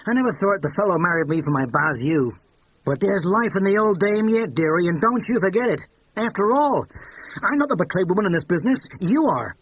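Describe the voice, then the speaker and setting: A man reading an audiobook, voicing a brash, blunt older woman who drinks cocktails and talks loudly. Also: high-pitched, lively intonation, brisk, no room sound, voice pushed up, rough recording. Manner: loud, brassy, drawling.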